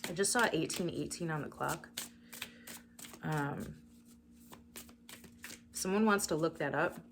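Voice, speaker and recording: A woman's voice: low voice, takes it slowly, gravelly, a little hiss or hum. A woman giving a spiritual reading to camera, casual and emotional, talking straight to her viewers. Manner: emotional, casual, swearing, speaks to viewers as collective. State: emotional, near tears. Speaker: tarot reader.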